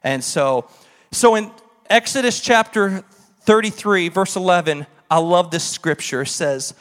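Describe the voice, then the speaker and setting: A man's voice: sits high, measured pace, clear, resonant tone. Impassioned young man preaching in a reverberant hall. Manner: impassioned, rising to near-shouting at emotional peaks. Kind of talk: sermon.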